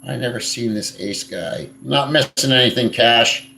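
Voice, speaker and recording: A man's voice: medium pitch, normal speed, vocal fry, sharp tone, slight background noise. Blunt, crude man in an echoey room. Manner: blunt and crude, swears freely, rambling. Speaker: live stream host. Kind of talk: casual live stream chat, reading viewer comments.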